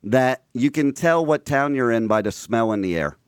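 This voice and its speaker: A man from New Jersey who trained away most of his accent, chatting casually and telling lively stories with frequent laughs, recorded in his own studio. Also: medium pitch, normal speed, smooth. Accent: faint General American, trained down from New Jersey. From New Jersey, USA. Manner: animated storyteller, laughs often. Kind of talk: casual chat.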